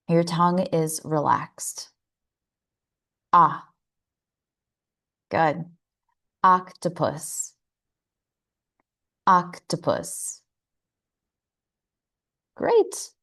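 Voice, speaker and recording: Slow, careful American woman teacher. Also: fairly low pitch, a little mellow. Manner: slow, careful, drawn-out model sounds. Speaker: pronunciation teacher. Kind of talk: slow instructional demonstration.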